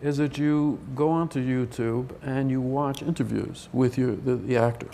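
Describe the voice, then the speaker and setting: Hesitant older man with a creaky voice. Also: medium pitch, fairly even intonation, normal speed, dark tone, a little hiss or hum. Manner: rambling, hesitant with many restarts. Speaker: film director. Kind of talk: press event Q&A.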